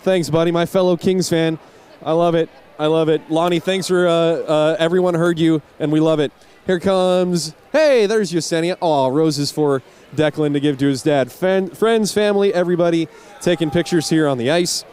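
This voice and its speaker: A man's voice: fairly high pitch, moderate pace, a little mellow, smooth. A man interviewing players on the ice after a championship game, gushing and emotional, stumbling into restarts. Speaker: on-ice interviewer for a hockey broadcast.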